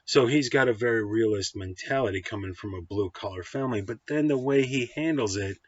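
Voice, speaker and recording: A man's voice: on the low side, fairly quick, breathy edge, no room sound. A man giving a blunt, profane, combative film review in a casual ranting style. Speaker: movie reviewer. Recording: dull, dry lo-fi sound.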